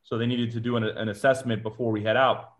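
A man's voice: medium pitch, level tone, fast talker, lo-fi sound. A man from Georgia, a former Marine, telling his story as an interview guest, full of "like" and acted-out quotes. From Georgia, USA. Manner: chatty, acts out quotes, frequent "like" and "uh" fillers.

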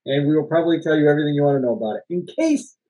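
A man's voice: a little high, racing, warm tone, low-quality recording. A man co-hosting a casual movie podcast, telling rambling behind-the-scenes stories, laughing often and swearing now and then. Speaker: podcast co-host. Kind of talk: casual movie-discussion chat.

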